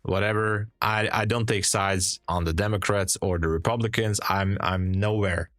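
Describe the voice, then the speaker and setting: Sleepy low-voiced male trading streamer. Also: fairly even intonation, moderate pace, fairly bright tone, no room sound, studio quality. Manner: rambling, loose and chatty. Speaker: day trading livestream host. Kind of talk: casual live stream chat.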